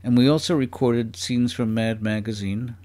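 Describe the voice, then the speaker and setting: A man's voice: medium pitch, steady tone, moderate pace, a little mellow. A man chatting as a guest on a comedy podcast, rambling and curious, firing off playful questions. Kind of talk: casual podcast chat.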